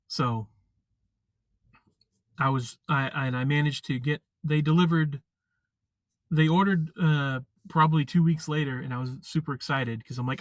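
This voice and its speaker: A man chatting casually on a live stream, rambling and halting with lots of fillers and restarts. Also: a little high, steady tone, dry recording. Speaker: vlogger.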